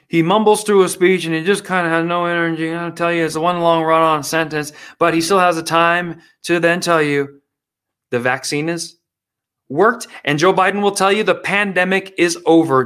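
A man's voice: fairly high pitch, normal speed, a bit bright, clear, resonant tone. A man performing political stand-up comedy in a sarcastic, mocking manner.

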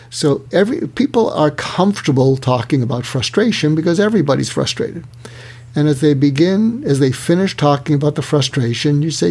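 A man's voice: mid-range voice, a little fast, slightly rough. A man, an author being interviewed, explaining techniques in a conversational way and acting out example dialogue. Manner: animated, acts out dialogue examples. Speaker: author and guest.

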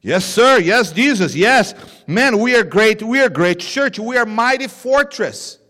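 A man preaching a sermon, voicing a smug male churchgoer who brags loudly about his church. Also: sits high, expressive, unhurried, pitched above the performer's own voice, full character voice. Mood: boastful. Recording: long reverb of a church hall.

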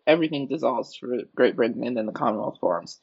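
A man's voice: mid-range voice, animated, quick pace, vocal fry, breathy edge. A man co-hosting a podcast in casual chat, thinking aloud and hesitating often. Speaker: podcast co-host. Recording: dull lo-fi sound.

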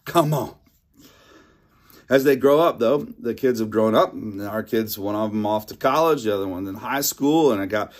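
A middle-aged man preaching a sermon, animated and emphatic, often repeating lines for effect. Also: medium pitch. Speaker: pastor.

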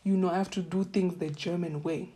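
Mellow-voiced Kenyan woman telling stories. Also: on the low side, brisk. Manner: animated, acts out her own reactions in quotes. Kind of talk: casual storytelling.

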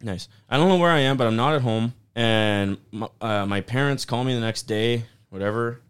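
A man's voice: mid-range voice, moderate pace, smooth. A man, co-hosting a podcast and telling stories in a casual, swear-filled, laughing way. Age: 20s. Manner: animated, laughing, swears a lot. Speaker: podcast co-host. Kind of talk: casual storytelling chat.

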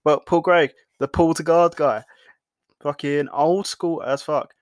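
A man's voice: fairly high pitch, steady tone, unhurried, no room sound, studio quality. A man hosting a podcast, recapping fights in casual, blunt talk full of swearing and fillers. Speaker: podcast host.

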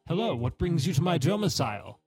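A man's voice: fairly high pitch, sing-song, brisk, breathy edge, soft background music, pitched above the performer's own voice, exaggerated voice. A man voicing a welcoming young river spirit. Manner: gentle, courteous greeting. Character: youthful male river spirit, calm and welcoming.

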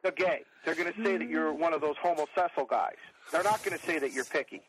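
A man's voice: fairly high pitch, quick pace, a little hiss or hum, poor audio. A middle-aged man, telling profane, rambling comic stories in a casual chat as a podcast guest.

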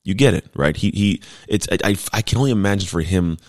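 A man in his thirties, a former football player turned speaker, telling a story casually with animated, emphatic delivery. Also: low voice, quick pace, no echo, clean studio sound. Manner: animated, emphatic, laughs while telling stories.

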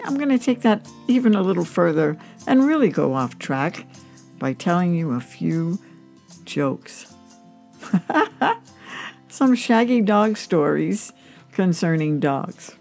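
A woman's voice: fairly low pitch, a little mellow. A woman hosting a podcast, telling dog jokes in a chatty, amused way. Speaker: host.

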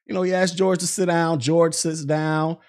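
A man's voice: fairly high pitch, level tone, moderate pace, a little mellow. A man hosting a podcast, recounting events in casual commentary with lots of fillers. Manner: conversational, recounts events with many fillers and acted-out quotes. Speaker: podcast host.

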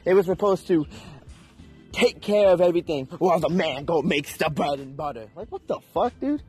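A man's voice: fairly high pitch, expressive, normal speed, darkish tone, slightly rough, faint music behind. A young man ranting in an unscripted, heated and profane way, with emphatic delivery. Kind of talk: unscripted rant.

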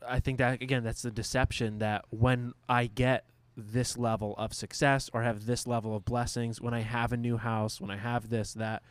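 A man's voice: medium pitch, flat delivery, normal speed, hardly any pauses, smooth, dry recording. A man, a pastor, reflecting in a casual faith discussion, thinking aloud and restarting as he goes.

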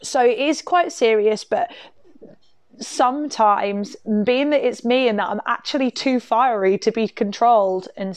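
A woman's voice: mid-range voice, no room sound. A woman hosting a podcast, telling a personal story in a candid, chatty, self-mocking way with many fillers. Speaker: podcast host. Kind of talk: casual storytelling.

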